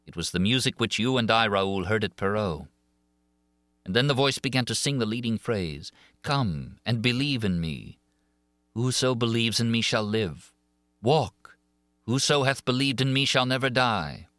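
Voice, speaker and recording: A male reader voices a young woman singer telling of her haunting in a classic audiobook. She sounds earnest and pleading, and her feeling rises and falls widely, sometimes climbing high. The voice sits low and dry, close to the mic. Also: animated, normal speed, a bit bright, no room sound. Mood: haunted recounting. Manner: emotive, rising and falling with feeling. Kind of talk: audiobook reading of a classic novel.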